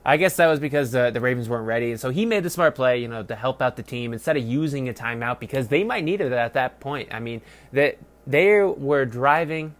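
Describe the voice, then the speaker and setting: A young man hosting a solo football review, talking casually with heavy swearing, rambling and mocking, swinging between loud outbursts and low mutters. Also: brisk, hardly any pauses. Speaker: sports podcast host.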